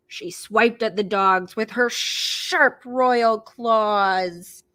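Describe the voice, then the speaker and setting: A woman librarian reading picture books aloud to preschoolers in an animated, expressive way, gasping and making animal noises. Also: a little high, extremely slow, no room sound. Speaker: children's librarian hosting storytime.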